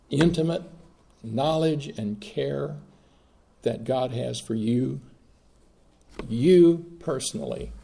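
A man from Mississippi, preaching a sermon with long pauses and swings between soft and loud. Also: fairly high pitch, gravelly. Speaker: pastor.

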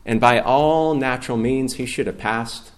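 A man's voice: medium pitch, a little slow. A middle-aged man preaching a sermon as a guest pastor, reading scripture out with rising force.

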